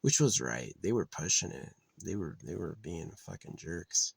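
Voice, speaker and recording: A man's voice: low voice, very animated, measured pace, vocal fry, husky, dry recording. A man vlogging outdoors in a rambling, profane, casual monologue that trails off into mutters. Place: outdoors in nature.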